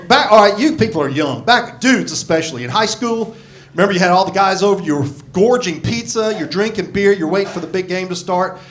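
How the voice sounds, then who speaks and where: A man in his sixties doing a grumpy, profane stand-up set on a club stage into a handheld mic. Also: high voice. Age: 60s. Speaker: stand-up comedian. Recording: live club with crowd laughter. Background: audience laughter.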